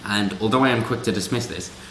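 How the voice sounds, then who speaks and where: A man's voice: fairly low pitch, fast, fairly bright tone, a little hiss or hum. A man doing casual commentary on a news story, sarcastic and rambling with asides. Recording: roomy echo.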